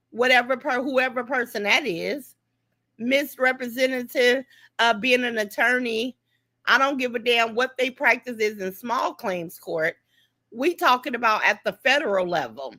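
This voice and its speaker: A woman's voice: high voice, bright, forceful tone. A middle-aged woman, hosting a casual livestream, sassy and greeting viewers by name. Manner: sassy, greets viewers by name, calls them "y'all" and "baby". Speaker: livestream host. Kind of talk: casual live-stream commentary.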